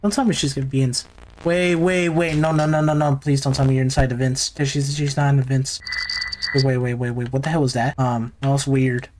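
A man's voice: mid-range voice, little pitch movement, a little fast, a little mellow, slight background noise. A man giving nervous, jumpy commentary while playing a horror game, talking to himself. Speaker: gaming YouTuber.

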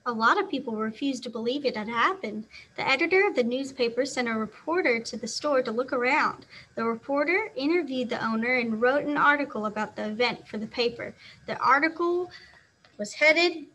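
A woman teacher reads a children's novel aloud with an expressive delivery, acting out the sound words. Her voice is high and bright. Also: fairly quick.

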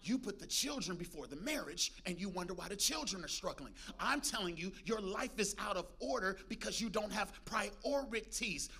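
Pastor guy preaching to the church, high voice, super bright and punchy, jokes with the crowd. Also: expressive, moderate pace, few pauses, husky. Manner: preachy call-and-response with congregation, humorous asides. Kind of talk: sermon.

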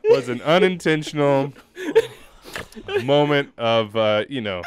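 A man's voice: medium pitch, expressive, takes it slowly, crowd noise. A man hosting a soccer show in casual chat, self-deprecating and rambling, often laughing as he talks. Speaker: soccer podcast host.

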